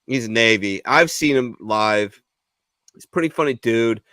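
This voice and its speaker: A man's voice: medium pitch, lively intonation, a little slow, bright, forceful tone, smooth, no room sound, clean studio sound. A man hosting a casual veterans' talk show, rambling and swearing freely, a little tipsy. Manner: loose, rambling, profane storytelling. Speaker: podcast host. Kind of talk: casual chat.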